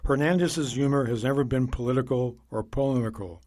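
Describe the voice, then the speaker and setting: A man narrating a magazine feature in a measured, scripted reading voice. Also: mid-range voice, a little mellow.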